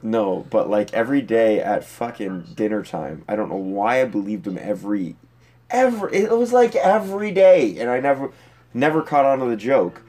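Male podcast co-host, crude, joking, asks quick questions in casual chat. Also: mid-range voice, very animated, darkish tone.

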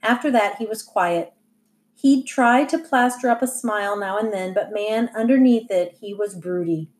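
A woman reads a first-person novel aloud in an even, unhurried storytelling voice. Her pitch sits in the middle of the usual range for a woman. Nothing is pushed; the telling stays plain and steady. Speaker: audiobook reader.

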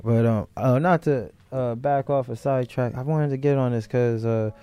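A man's voice: medium pitch, fairly even intonation, moderate pace, warm tone, clean tone. A man hosting a podcast in casual chat, loose and rambling as he restarts his thoughts. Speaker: podcast host.

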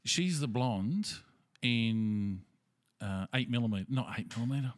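A man co-hosting a podcast, throwing in crude, quick-witted banter. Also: medium pitch, expressive, no room sound, clean studio sound. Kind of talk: casual chat.

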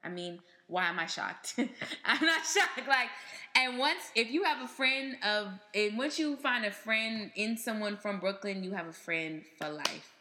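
Bright, playful woman podcast co-host. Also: mid-range voice, measured pace. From not from New York. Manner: lively, laughing, slangy, playful. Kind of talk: casual chat.

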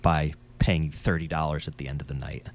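A man's voice: very deep voice, brisk. A man, a musician, chatting casually and telling stories with a slightly nasal voice, swearing freely. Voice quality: a little nasal. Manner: animated storyteller, swears freely. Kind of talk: casual podcast chat, storytelling.

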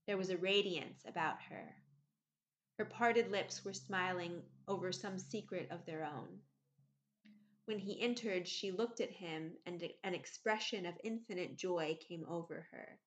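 A woman narrating a classic novel aloud in a measured, expressive reading. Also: lowish voice, echoey room. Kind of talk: audiobook reading. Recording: slightly muffled recording.

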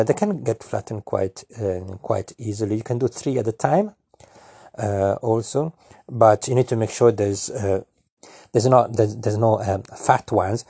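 Halting, rambling man with a husky voice. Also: fairly low pitch, warm tone, dry recording, clean studio sound. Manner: hesitant, full of fillers and restarts. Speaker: storyteller. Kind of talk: rambling absurd comic monologue.

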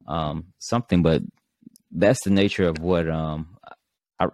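A very deep-voiced male host who asks questions in a loose, rambling way. His sentences wander and fill with hesitations. The recording is dry and close. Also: fairly even intonation, unhurried, a little mellow, no room sound. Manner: rambling, many fillers and trailing thoughts. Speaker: podcast host. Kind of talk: casual interview chat.

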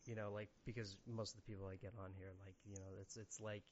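Podcast host, male, deeper voice, loose rambling chat with frequent restarts; slightly lo-fi recording. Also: little pitch movement, quick pace, a little mellow, a little hiss or hum. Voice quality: rambling, self-interrupting. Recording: slightly dull lo-fi sound.

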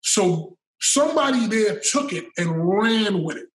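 A middle-aged man with a high voice tells a story in a loose, animated way. He curses freely and repeats words as he builds toward the point. He is recorded from a distance, in a room with a lot of echo. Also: measured pace, slight background noise. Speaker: storyteller guest. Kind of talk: casual storytelling. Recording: roomy sound from a distant mic.

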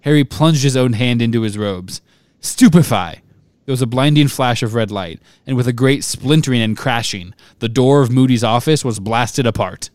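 A man co-hosting a podcast, reading a novel aloud with steady expression and breaking off to chat and laugh. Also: medium pitch, normal speed, few pauses, clear, resonant tone, no room sound.

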